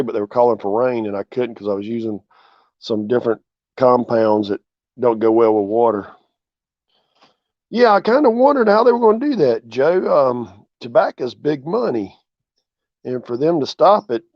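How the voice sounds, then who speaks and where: A man, relaxed and chatty, hosting a casual livestream from his porch and greeting viewers by name. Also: medium pitch, dry recording. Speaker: channel host. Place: outdoors on a porch. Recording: dull, dry lo-fi sound.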